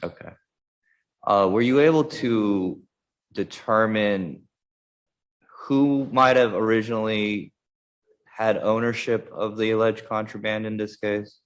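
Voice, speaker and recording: A man with a very low voice cross-examines a witness at a hearing, asking measured, courteous questions. He pauses on fillers and picks his words with care. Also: fairly even intonation, poor audio. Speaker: defense attorney.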